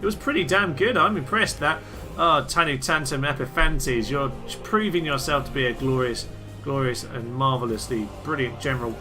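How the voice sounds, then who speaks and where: A man giving excitable, theatrical commentary on a strategy game he is playing, often laughing and cheering. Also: medium pitch, moderate pace, music in the background. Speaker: let's play host. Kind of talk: gameplay commentary.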